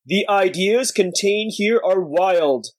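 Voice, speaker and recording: A man voicing a century-old giant warrior monk elder, sad and gruff, speaking slowly and weightily. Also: high voice, dry recording, pitched above the performer's own voice. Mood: solemn. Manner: slow, weighty, sorrowful delivery.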